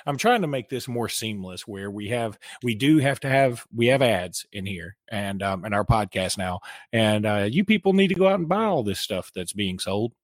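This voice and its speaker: Southern man, podcast host, low voice, dry close sound, casual and jokey. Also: animated, moderate pace, no room sound. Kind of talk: casual sports chat.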